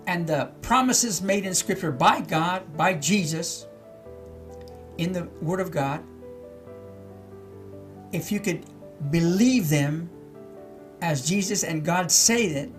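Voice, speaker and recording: A man's voice: sits high, expressive, takes it slowly, long pauses, faint music behind. A middle-aged male pastor teaching scripture verse by verse, repeating key words and asking his listeners questions. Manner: reads verses then explains them, with many repeats and questions to the listeners. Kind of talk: slow Bible-teaching sermon.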